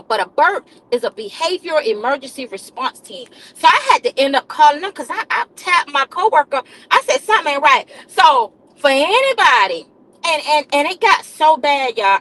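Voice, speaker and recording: A woman's voice: high-pitched, big pitch swings, fairly quick, pushed and bright, poor audio. A woman live streamer, a nurse, telling a comic story to her chat in a dramatic, repetitive way, calling listeners baby and honey.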